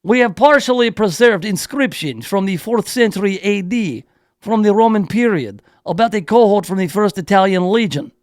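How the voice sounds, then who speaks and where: A radio host putting on a slow, exaggerated mock accent that drifts toward Jamaican, to voice a solemn male archaeologist in a radio studio. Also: high voice, lively intonation, no room sound.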